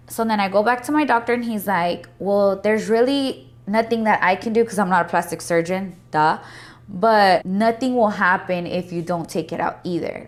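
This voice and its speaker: A woman in her late twenties chats to her followers, telling a personal story. She talks candidly and casually, swears freely and voices what other people said along the way. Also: mid-range voice. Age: 20s. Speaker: vlogger.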